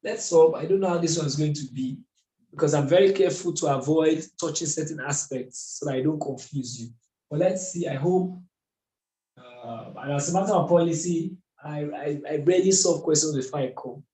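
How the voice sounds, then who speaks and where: A man with a slightly high, warm voice works through a math problem at a board at a normal pace. He's a tutor giving a methodical whiteboard lesson, posing rhetorical questions as he goes, and the room is echoey.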